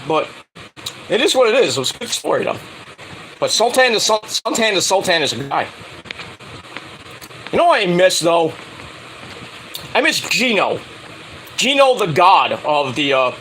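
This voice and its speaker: A man's voice: sits high, big pitch swings, moderate pace, long pauses, pushed and bright, a little hiss or hum, poor audio. A middle-aged man telling a rambling casual story, full of filler words and restarts, acting out the lines he quotes. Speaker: wrestling show reviewer.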